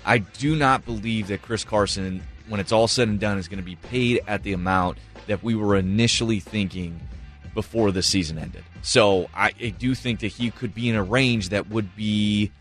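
A low-voiced man co-hosting sports talk radio. He talks through his opinions earnestly, hedging with fillers, while faint music plays behind. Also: normal speed, a bit bright. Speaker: radio sports show co-host. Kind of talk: sports radio analysis and banter.

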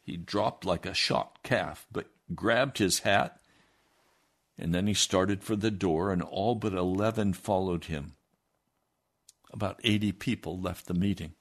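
A man reading a first-person memoir aloud in a steady storytelling manner. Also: sits low, unhurried. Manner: steady storytelling with lively acted quotes. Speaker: reader.

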